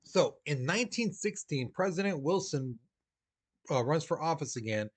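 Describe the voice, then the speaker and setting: A man's voice: on the high side, lively intonation, normal speed. A male teacher giving a casual, conversational history lesson, acting out quoted voices as he explains.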